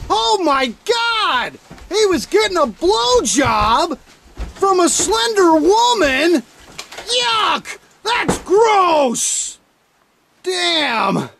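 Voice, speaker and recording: A man narrating a crude comedy video, shouting rhyming insults with exaggerated outrage. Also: very high voice, creaky.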